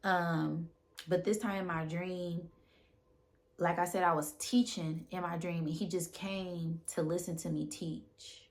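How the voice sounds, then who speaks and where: A woman with a notably low voice speaks casually and directly to her viewers about spiritual matters. She repeats phrases and keeps checking in with "right?", and she sounds emotional, close to tears. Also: fairly even intonation, unhurried. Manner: repetitive, often tags phrases with "right?". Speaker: spiritual content creator.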